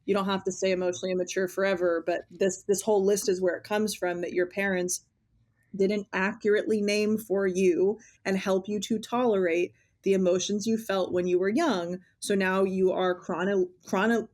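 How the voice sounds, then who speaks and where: A woman in her thirties co-hosts a podcast as a clinician. She talks in a lively, conversational way and slips into a higher voice when she acts out snippets of dialogue. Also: normal speed. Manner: animated, acts out quoted dialogue in raised voice.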